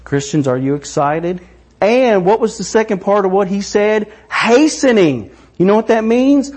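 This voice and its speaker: A middle-aged man preaching a sermon, animated and excited, acting out voices. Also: sits high, a little slow. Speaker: pastor.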